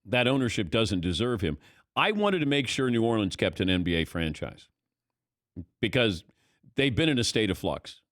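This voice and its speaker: A middle-aged man hosting sports talk radio, telling stories with lively energy and acting out his own past thoughts. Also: on the low side, moderate pace, dry recording, studio quality.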